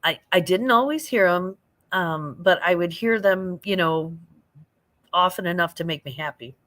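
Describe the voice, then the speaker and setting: On a late-night livestream, an older St. Louis, Missouri woman talks loosely, rambling, laughing easily and responding to comments as they arrive. Her voice is low for a woman but fairly bright in tone, and she speaks at a normal speed.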